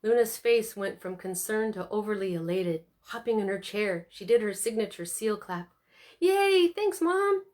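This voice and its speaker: A woman narrates a novel as an audiobook. Her reading is expressive and animated, with a middle-pitched voice. She slips into different character voices. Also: moderate pace, few pauses. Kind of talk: scripted narration.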